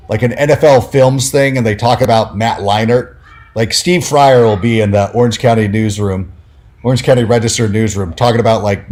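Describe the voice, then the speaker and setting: A man guest on a podcast, telling long, animated stories in a casual way, full of fillers and acted-out quotes. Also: fairly low pitch. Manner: animated, filler-heavy, acts out quoted people. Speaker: podcast guest, fantasy football analyst. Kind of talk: casual storytelling.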